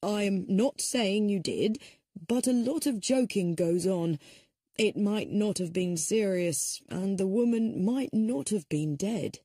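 A woman reading as a calm police sergeant. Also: medium pitch, slow, slightly rough, no echo, clean studio sound. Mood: measured. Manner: even, official, reassuring.

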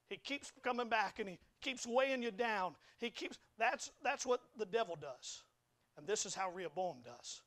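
High-voiced young man preaching. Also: animated, normal speed, a bit bright. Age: young adult. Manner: stammering repeats, folksy, emphatic preaching. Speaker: pastor. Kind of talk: sermon. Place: church sanctuary.

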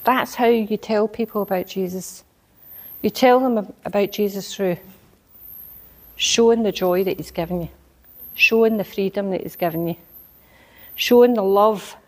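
A woman's voice: mid-range voice, moderate pace, pauses often, darkish tone. A woman preaching a sermon, telling a personal story and building into emphatic exhortation.

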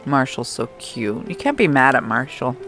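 A woman's voice: rumbling low, big pitch swings, moderate pace, a bit bright. A young adult woman casually commenting on her gameplay, chatting to game characters and laughing often. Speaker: gameplay streamer. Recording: faint background music.

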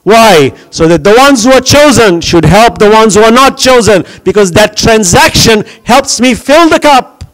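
A man who grew up in New York delivers a Ramadan lecture with a fairly high voice. He speaks with fervor and presses his listeners with question after question. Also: lively intonation, moderate pace, few pauses, a bit bright, rough recording. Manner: impassioned, rhetorical questions.

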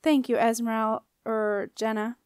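A woman's voice: on the high side, little pitch movement, moderate pace, darkish tone, clear, resonant tone, no room sound, lightly acted. A woman reading the part of a lanky male alchemist who speaks in an archaic, formal way, in a dry recording. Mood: courtly. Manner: old-fashioned formal speech.

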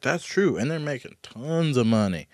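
A man co-hosts a casual podcast and reacts to news footage with loud, sarcastic disbelief. His voice is mid-pitched, and the close mic leaves the sound dry with no room around it. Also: lively intonation, normal speed, dry recording. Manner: sarcastic, incredulous, laughs often. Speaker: podcast co-host.

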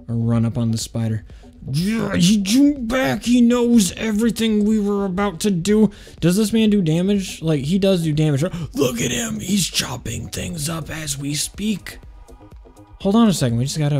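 A man's voice: a little high, dark tone. A man giving casual, rambling commentary while playing a video game, joking and often stopping himself with "hold on". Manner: rambling, jokey, keeps saying "hold on". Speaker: gaming channel host.

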